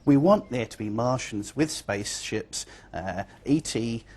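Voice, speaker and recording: A man's voice: medium pitch, expressive, unhurried, darkish tone. A man, a scientist, answering interview questions thoughtfully with occasional fillers.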